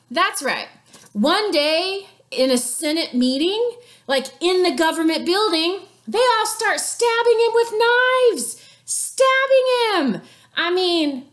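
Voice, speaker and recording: Animated, playful woman teacher. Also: sits high. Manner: playful, sarcastic, chatty asides. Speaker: sixth grade teacher. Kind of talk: animated history lesson.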